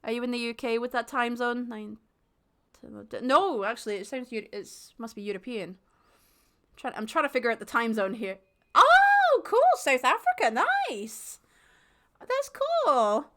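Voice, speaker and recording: A woman's voice: a little high, lively intonation, moderate pace, a bit bright. A Scottish woman streaming a game, chatty and giggly, mocking her own stumbles while reading aloud. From Scotland.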